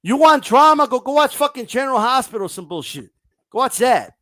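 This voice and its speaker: A man's voice: extremely high pitch, expressive, a little fast, bright, forceful tone, dry recording. A man hosting a casual boxing livestream, ranting bluntly and profanely and reading viewer comments aloud.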